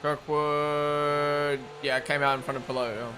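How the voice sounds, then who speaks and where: A man live-streaming a race watch-along, chatting with viewers in an excitable, casual way. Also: medium pitch, quick pace. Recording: broadcast race audio noise behind. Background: race broadcast audio playing.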